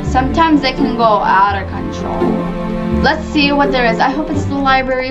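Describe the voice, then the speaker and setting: A woman playing a video game and commenting live to her viewers, chatty and excitable, gasping and shrieking when startled. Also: high voice, normal speed, highs cut off, over loud music. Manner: chatty, talks to viewers as "guys". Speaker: gaming channel host.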